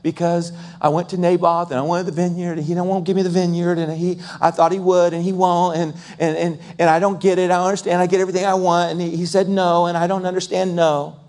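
A sulking, spoiled king, as a preacher acts him out. He stammers and whines in a quick, slightly raised voice. He sounds like a man who has never heard no. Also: sits high, little pitch movement, a little mellow. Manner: stammering, whiny.

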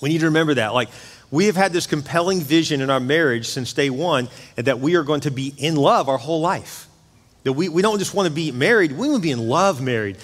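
A middle-aged pastor preaches in a high, light voice, a little fast, his conversational, energetic sermon full of asides to the congregation. The long reverb of a big church sanctuary rings around him.

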